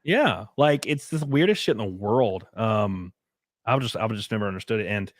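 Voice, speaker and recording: A man hosting a podcast, chatting casually and reading out viewer comments, blunt and profane, telling stories with animated energy. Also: fairly low pitch, moderate pace, no room sound, studio quality. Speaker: podcast host.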